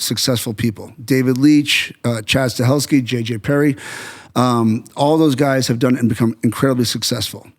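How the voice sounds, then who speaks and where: A middle-aged American man, a guest on a casual podcast interview, telling stories animatedly and acting out what others said. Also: mid-range voice. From United States. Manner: animated storyteller who acts out quoted remarks.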